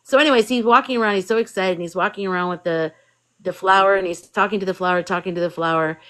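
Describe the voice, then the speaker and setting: A woman's voice: medium pitch, steady tone, quick pace, fairly bright tone, poor audio. A woman in casual conversation, retelling a story at length and acting out bits of dialogue. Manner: rambling storyteller, acts out quotes. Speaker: guest on a live spiritual chat.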